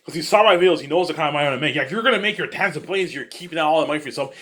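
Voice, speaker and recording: A man's voice: a little high, racing, noisy background. A man rambling in a casual monologue, repetitive and boastful. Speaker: monologue host.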